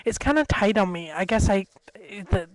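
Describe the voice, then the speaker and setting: A woman's voice: medium pitch, lively intonation, moderate pace, background noise. A young woman vlogging casually to her webcam at home, chatty and giggly, jumping from story to story. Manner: chatty, giggly, jumps between stories. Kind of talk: rambling casual webcam vlog. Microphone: built-in webcam mic.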